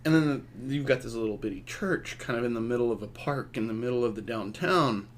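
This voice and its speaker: A man's voice: medium pitch, a little fast. A man from Texas, co-hosting a podcast, telling rambling stories in casual chat with many restarts and laughs. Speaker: podcast co-host.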